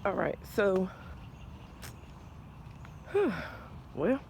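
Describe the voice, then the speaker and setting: A man in his forties hosting a podcast, talking slowly and earnestly about faith and mental health, a little out of breath. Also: high voice, sing-song, creaky, a little mellow, a little hiss or hum. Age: 40s. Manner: slow, thoughtful, earnest, with pauses and restarts. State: slightly out of breath. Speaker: podcast host. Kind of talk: reflective faith-based mental health talk.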